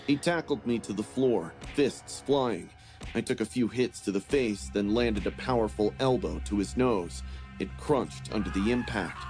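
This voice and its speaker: Low-voiced man narrating grim horror. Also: a little slow, over music. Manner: steady, grim storytelling. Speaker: story narrator. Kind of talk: scripted first-person horror narration.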